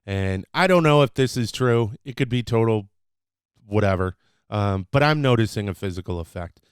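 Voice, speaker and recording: A man hosting his own podcast, chatting loosely and unscripted, teaching short phrases with lots of fillers and the odd excited burst. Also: lowish voice, normal speed, clean tone, no room sound, studio quality. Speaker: podcast host.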